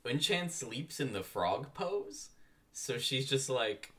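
A young co-host with a bright, ringing voice, joking through a drama recap in casual chat. The pitch swings widely, and laughter comes easily. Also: sing-song, slow pace. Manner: playful, jokey, laughs a lot. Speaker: podcast co-host.

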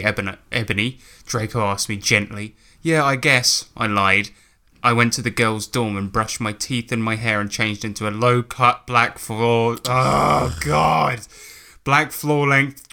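Sharp, bright-toned man, podcast co-host, reading mockingly and ad-libbing asides. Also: medium pitch. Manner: reads with mock emphasis, breaks off into laughter and asides. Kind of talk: comic dramatic reading.

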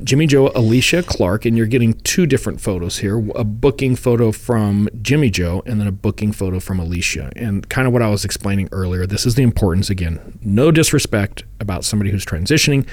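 A man's voice: on the low side, fast talker, few pauses, darkish tone, no echo. A man co-hosting a true crime podcast, telling the case in a casual, storytelling way and chuckling often. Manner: storytelling, acts out quotes in funny voices. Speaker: podcast co-host.

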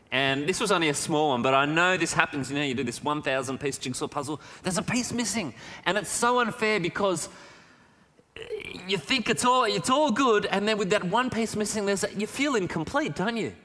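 A man preaching a sermon in a conversational storytelling manner, with a personal anecdote and a prayer. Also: on the high side. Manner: conversational storytelling, animated when excited. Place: church. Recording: church hall reverb.

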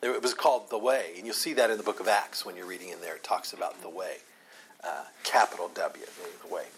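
A man's voice: sits low, steady tone, fairly quick, a bit bright, slight background noise, poor audio. A man preaching a Sunday morning sermon, teaching in an earnest way and leaning hard on the scripture he quotes. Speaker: pastor.

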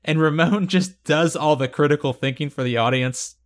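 A man chats casually as a podcast host, walking through a TV episode scene by scene. His voice sits a little high, and he slips into quick acted-out lines with laughter. He is loose and conversational. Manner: animated storytelling, acts out quotes with laughter. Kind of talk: casual chat.

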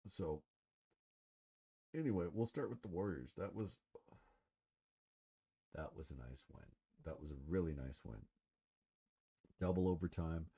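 A man's voice: sits low, a little slow, pauses often, husky. A man hosting a solo podcast, talking casually and rambling with many fillers and swearing while he smokes. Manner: relaxed, smoking while talking. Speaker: podcast host. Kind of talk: casual solo sports talk.

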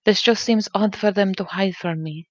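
A woman's voice: mid-range voice, moderate pace, no room sound, muffled recording, natural voice. A woman voicing a puzzled young heroine in a tabletop game, earnest and plain. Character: young woman puzzled about her parents' secret.

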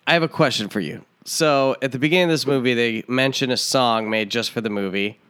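A man's voice: mid-range voice, a little fast, fairly bright tone, clear, resonant tone. A man co-hosting a podcast, sharing movie trivia in casual chat and laughing easily. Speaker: podcast co-host.

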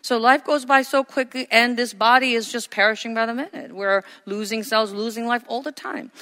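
A woman in her forties preaching a sermon, moving between loud, emphatic lines and quiet, conversational asides. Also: a little high, steady tone, moderate pace, few pauses, big-room sound. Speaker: pastor.

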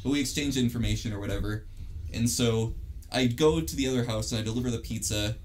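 Young man, casual storytelling, profane, rambling, restarts, mid pitch. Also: fast. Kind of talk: casual chat, telling a story.

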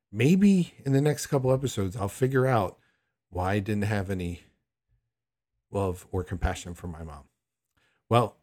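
Middle-aged male podcast host, lowish voice, candid and reflective storyteller. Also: darkish tone. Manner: reflective, candid, unhurried with frequent restarts. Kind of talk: personal storytelling.

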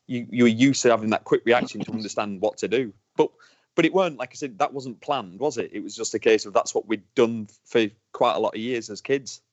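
A man from England, a motorcycle racer, telling stories in a lively, casual chat. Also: medium pitch, dry recording. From northern England. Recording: dull lo-fi dry sound.

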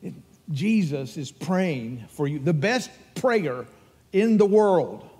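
A man's voice: on the high side, lively intonation, slow, a little mellow, slightly rough, in a large hall. An older man with a Texan accent preaching a sermon as pastor, earnest and emphatic as he tells stories.

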